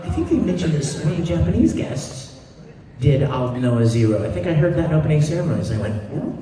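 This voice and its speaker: A man, a voice actor, telling stories at a convention panel in a big hall, animated and laughing as he talks. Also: a little high, quick pace. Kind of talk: convention Q&A storytelling. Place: large convention hall with audience. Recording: distant fan recording in echoey hall. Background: crowd laughing.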